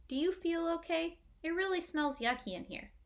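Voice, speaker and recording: A woman's voice: very high voice, expressive, moderate pace, pitched above the performer's own voice. A woman reading aloud, voicing an earnest, anxious young boy in a storybook. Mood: worried. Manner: earnest, worried.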